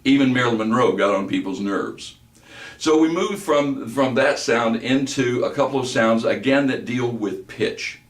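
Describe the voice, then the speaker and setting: A man with a bass voice working as a voice trainer, giving a measured instructional lecture with occasional hesitant fillers. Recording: roomy echo, distant mic.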